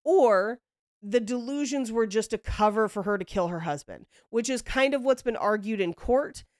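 A woman's voice: fairly high pitch, expressive, normal speed, darkish tone, dry recording, clean studio sound. A young woman hosting a podcast, casually telling a story, acting out quotes and laughing often. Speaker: podcast host.

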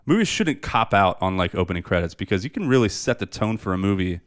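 Talking quickly in a very animated low voice, a man co-hosts a podcast and reviews movies casually and with enthusiasm. He's loose, profane and full of fillers.

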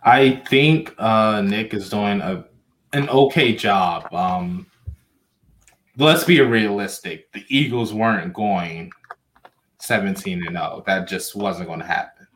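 Halting low-voiced man talking sports. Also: a bit bright, a little hiss or hum. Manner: halting, restarts, slurring words. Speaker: podcast co-host. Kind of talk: casual sports chat.

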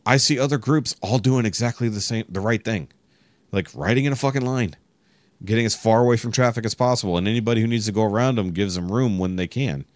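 A man with a very low voice tells a long, exasperated story on a podcast, cursing constantly as he goes. The sound is dry and close, with no room around it. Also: fast, no echo. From Texas. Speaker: podcast guest. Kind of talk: casual chat.

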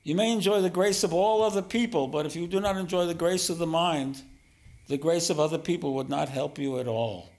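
A man giving a spiritual teaching talk as a meditation teacher, gentle and self-deprecating, often chuckling. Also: on the high side, fairly quick.

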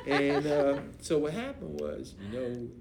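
A man's voice: a little high, a little slow, creaky, over a noisy crowd. A middle-aged man, a pastor, telling a story from his life in a podcast interview in casual speech and acting out the voices of others. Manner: animated, acts out voices, casual dialect grammar. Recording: roomy echo, faint noise.

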